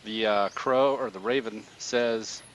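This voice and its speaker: A man running a tabletop game as dungeon master, narrating the scene in a relaxed, descriptive way. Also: on the low side, slow, lo-fi sound, a little hiss or hum. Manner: descriptive, relaxed storytelling with fillers.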